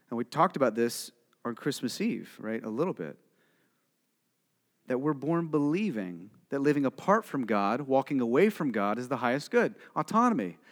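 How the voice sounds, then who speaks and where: A male pastor preaching a sermon in a direct, conversational way, asking the listeners questions and swinging from quiet and low to loud and emphatic. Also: very animated, moderate pace. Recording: long hall reverb.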